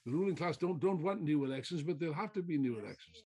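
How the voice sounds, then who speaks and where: A man's voice: fairly high pitch, animated, fast talker, darkish tone, breathy edge. A man giving a political speech to a meeting, emphatic, repeating phrases and throwing out rhetorical questions. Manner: mocking mimicry of opponents. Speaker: political speaker.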